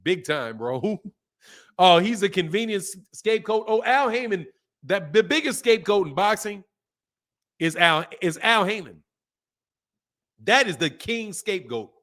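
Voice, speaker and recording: Man, high voice, boxing livestream host, casual slang, laughing, animated. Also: measured pace, pauses often. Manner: animated, laughs often, drawls slang, mimics others. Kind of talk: livestream commentary, reading super chats.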